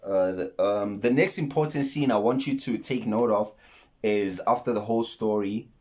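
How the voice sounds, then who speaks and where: A man's voice: on the low side, moderate pace, darkish tone. Earnest man breaking down a film. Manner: earnest, repeats and restarts words, retells scenes. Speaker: YouTube film commentator. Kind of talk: casual film breakdown monologue.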